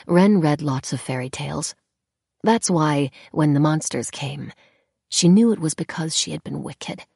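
Low husky woman narrating a story. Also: a little mellow, dry recording, studio quality. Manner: measured, deliberate storytelling. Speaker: audiobook narrator. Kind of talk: scripted narration.

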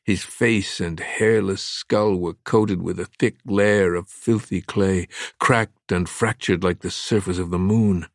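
A male audiobook narrator reads a thriller in a slow, measured, dramatic manner. His voice sits a little low, and the recording is close and dry with no room sound. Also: no echo. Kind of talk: scripted narration.

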